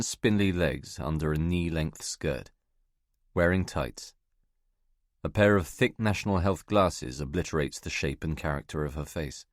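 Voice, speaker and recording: Deep-voiced male audiobook narrator. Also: dry recording, clean studio sound. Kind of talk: scripted first-person novel narration.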